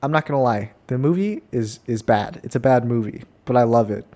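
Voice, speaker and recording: A man's voice: medium pitch, animated, fairly quick, darkish tone. A young man co-hosting a podcast, chatting casually and laughing often. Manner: laid-back, laughs a lot, playful. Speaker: podcast co-host. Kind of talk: casual chat.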